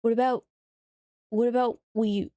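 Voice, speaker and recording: A young woman streamer in casual live-stream chat, excitable and chatty, swearing and teasing her viewers. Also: fairly high pitch, measured pace, dry recording, studio quality.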